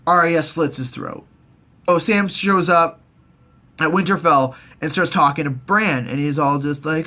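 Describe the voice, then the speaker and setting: A man's voice: unhurried, bright, forceful tone. Rambling, foul-mouthed man recapping a show. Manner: rambling, profane, jumps into squeaky put-on voices. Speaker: host. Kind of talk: casual profane TV recap.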